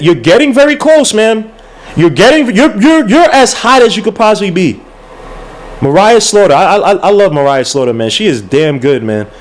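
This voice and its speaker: A young man hosting a casual livestream podcast, ranting in a heated, exasperated way with slang, repeats and restarts. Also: fairly high pitch. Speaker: podcast host.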